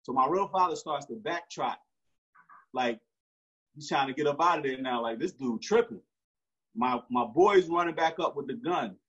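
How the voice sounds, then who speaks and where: A man's voice: a little high, moderate pace, fairly bright tone, slightly rough. A man, telling a story in slangy street talk with frequent restarts. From Newark, New Jersey. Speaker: interview guest. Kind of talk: casual storytelling. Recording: dull lo-fi recording.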